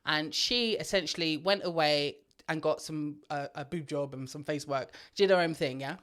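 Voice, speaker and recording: A woman co-hosting a podcast, retelling a story in an animated way and swearing freely. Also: low voice, normal speed. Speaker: podcast co-host. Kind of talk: casual chat, storytelling.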